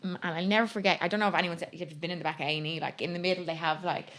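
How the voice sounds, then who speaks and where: A young woman, telling a personal story as a podcast guest in lively, chatty interview talk. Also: on the low side, very fast. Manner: chatty, animated storytelling with frequent quoting.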